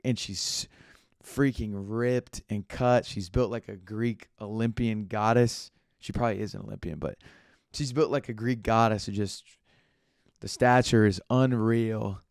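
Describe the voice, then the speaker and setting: Chatty low-voiced man, dry close sound. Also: darkish tone, smooth, dry recording. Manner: chatty, rambling, self-correcting. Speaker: podcast host. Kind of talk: casual solo commentary.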